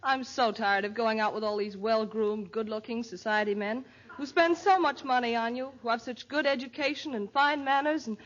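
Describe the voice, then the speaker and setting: A woman's voice: a little high, normal speed. A woman guest on a 1940s radio comedy, teasing and breezy. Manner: breezy, teasing society-girl delivery. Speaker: guest star. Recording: muffled old radio broadcast.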